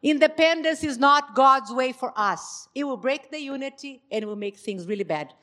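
A woman whose first language is Portuguese, giving a church talk on marriage and acting out dialogue with lively emphasis. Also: sits high, normal speed. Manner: animated, acts out quoted dialogue. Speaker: marriage ministry speaker.

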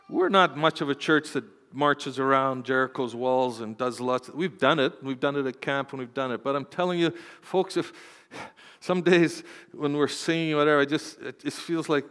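A man pastor preaching a sermon, swinging between loud, fervent exhortation and quiet, tender storytelling. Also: mid-range voice. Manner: impassioned preaching, rising to loud exhortation and dropping to soft storytelling. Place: church sanctuary. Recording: long hall reverb.

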